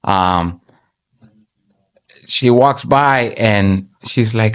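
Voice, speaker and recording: A man with a fairly low voice tells his faith story in an earnest, halting way. He keeps restarting his sentences as he speaks to a church interviewer. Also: smooth. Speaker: church member giving testimony. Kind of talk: personal faith testimony.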